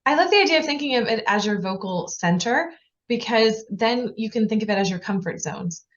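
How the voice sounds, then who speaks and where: Woman podcast host, chatty and encouraging, rushed run-on sentences, kinda muffled lo-fi sound. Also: a little high, animated. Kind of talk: casual interview chat. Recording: slightly dull lo-fi audio.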